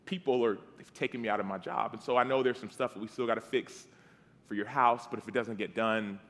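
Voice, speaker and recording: Man, 30s, preacher. Casual storytelling sermon, slightly low voice, acts out dialogue, often drops to soft tones. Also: fairly even intonation, a little fast. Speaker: guest preacher. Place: church sanctuary. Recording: long hall reverb.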